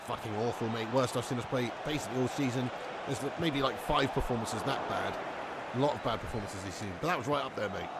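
Against some background noise, an English man with a mid-range voice chats casually on a gaming live stream. He's slangy and talkative, laughs a lot, and reads out messages from the chat.

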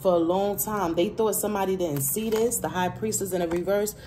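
A woman's voice: medium pitch, steady tone, a little fast, warm tone, a little hiss or hum. A woman doing a casual tarot reading, chatty and emphatic, who repeats her phrases, laughs between remarks and speaks straight to her viewers. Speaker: tarot reader.

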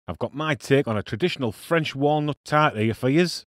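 A man with a broad Teesside accent talks through a recipe in a relaxed, jokey way. He peppers his steps with local slang and mangled French. His voice sits at a middling pitch and sounds dry and close to the mic. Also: moderate pace, few pauses, dry recording. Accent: Teesside English. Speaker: cooking show host. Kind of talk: casual cooking demonstration.

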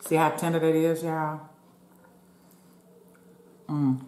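Brief: woman mukbang host, lowish voice, relaxed chat between bites, roomy echo. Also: takes it slowly. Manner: chatty, talks with mouth full, addresses viewers as y'all. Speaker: mukbang vlogger. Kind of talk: casual chat while eating.

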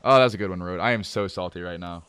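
A man chatting casually with viewers while live-streaming a game, calmly planning moves, then breaking into exasperated outbursts. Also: low-pitched, fast, clean tone, no echo. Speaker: livestreamer playing a management game. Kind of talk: casual live gameplay commentary.

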